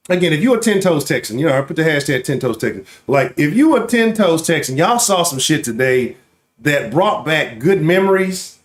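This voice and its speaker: A man in his late thirties hosts a loose sports talk livestream and talks straight to his viewers. His pitch swings up and down as he riffs. He curses his way through the trash talk and tags his points with a quick "right?". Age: late 30s. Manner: profane trash talk, keeps asking "right?". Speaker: sports talk show host.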